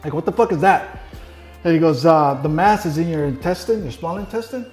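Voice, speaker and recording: A man's voice: a little high, fairly quick, a little mellow, soft background music. A middle-aged man telling his story in a casual interview, blunt and heavy on swearing, acting out the people he quotes. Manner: profane, blunt storyteller who acts out quoted dialogue.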